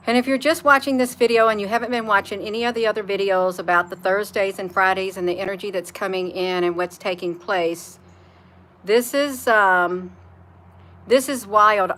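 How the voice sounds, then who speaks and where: Her voice is mid-range with a fairly bright tone. On her live stream, this spiritual vlogger speaks earnestly, says things again and again for emphasis, and reads the chat comments out loud.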